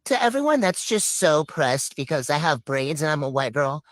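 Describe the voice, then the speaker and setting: A woman putting on a low, mocking, whiny voice of a young white woman. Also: big pitch swings, normal speed, no room sound.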